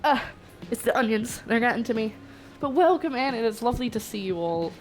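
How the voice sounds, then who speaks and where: A woman's voice: a little high, fast, soft background music. Chatty woman cooking on stream. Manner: chatty, greets viewers warmly, jokey asides. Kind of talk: casual livestream chat while cooking. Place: home kitchen.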